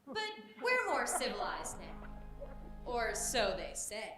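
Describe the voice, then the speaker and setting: A teenage girl playing a wry narrator who also officiates a wedding in a high school stage play. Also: wildly swooping pitch, slow. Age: teens. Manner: dry, drawling. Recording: far-off voice in a reverberant hall with music.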